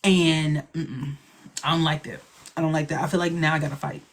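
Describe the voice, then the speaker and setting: A woman's voice: low voice, fairly even intonation, a little fast, gravelly, slight background noise. A woman hosting a live stream, chatting casually and dramatically, often acting out quoted lines. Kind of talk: casual chat. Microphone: phone or computer mic on a live stream.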